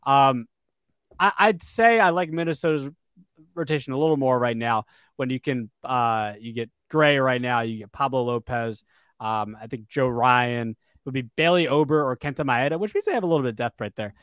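A man co-hosts a casual sports podcast, rambling along with fillers and restarts. His medium-pitched voice is clear, resonant, and fairly bright, at normal speed. The recording is dry, with clean studio sound.

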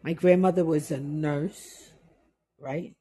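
A woman's voice: low-pitched, fairly even intonation, takes it slowly, warm tone, husky. A middle-aged woman from the West Indies telling stories from her past in casual chat, acting out the people she quotes.

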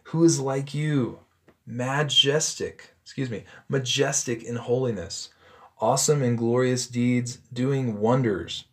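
A man reading a Bible passage aloud and stopping to explain it in a relaxed, conversational way, with frequent ums and self-corrections. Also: medium pitch, slow pace. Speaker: Bible teacher. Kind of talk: scripture reading with commentary.

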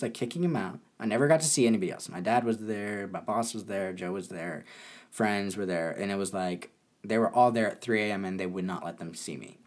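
A young man casually telling a story, animated and often laughing. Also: lowish voice, fast.

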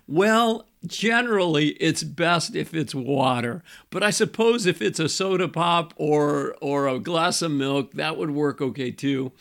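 A middle-aged male pastor giving a conversational teaching on marriage, repeating key phrases and slowing down to stress a point. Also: a little high, vocal fry, fairly bright tone.

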